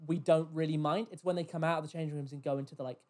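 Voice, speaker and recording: The recording is poor, and the man's fairly high voice races along. He's a podcast host casually relating an encounter with a rude customer, cursing freely and animatedly mimicking the customers' words in quoted voices.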